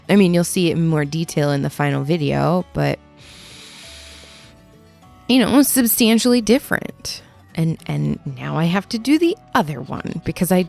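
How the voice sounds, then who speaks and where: A woman's voice: low voice, vocal fry, a little mellow. A young adult woman who works as a metalsmith, recording a casual voiceover on her own footage. She rambles, mocks herself and laughs often. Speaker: metalsmith and video maker. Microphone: studio voiceover mic.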